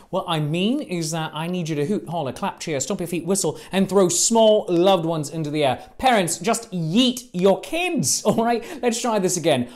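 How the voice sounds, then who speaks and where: A woman's voice: lowish voice, normal speed, hardly any pauses, a little mellow. A woman hosting as a jokey Shakespeare, playful and theatrical, often laughing as she leads the audience. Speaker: host. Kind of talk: comedic audience-participation hosting.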